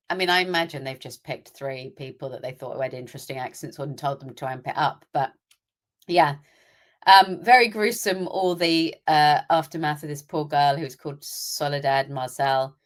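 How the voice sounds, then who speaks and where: Young British woman, low-pitched, podcast co-host, opinionated and chatty. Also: normal speed. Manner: chatty and opinionated, acting out asides. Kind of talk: casual chat.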